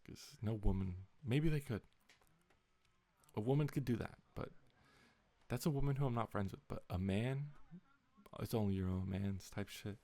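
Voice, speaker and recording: Low-voiced young man, exasperated storyteller. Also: mellow. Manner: rambling, exasperated retelling with lots of swearing. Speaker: vlogger. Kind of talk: casual storytelling to camera.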